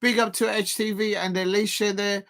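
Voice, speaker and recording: A man's voice: high voice, little pitch movement, moderate pace, fairly bright tone. A man streaming a live football reaction, chatty and laughing, calling out his viewers. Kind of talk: live match reaction commentary.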